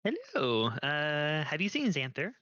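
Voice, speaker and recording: Slow, bright-voiced male player. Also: on the high side, huge pitch swings, no room sound, muffled recording. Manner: easygoing, chuckling often. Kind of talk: casual tabletop play.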